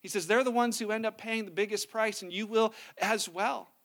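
A man's voice: high-pitched, steady tone, normal speed, fairly bright tone. A pastor preaching a conversational sermon, acting out the people he quotes with different voices.

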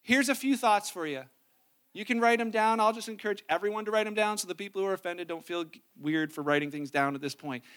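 High-voiced man preaching a sermon. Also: fast, fairly bright tone, smooth. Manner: conversational, acts out quoted people in voices. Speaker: pastor.

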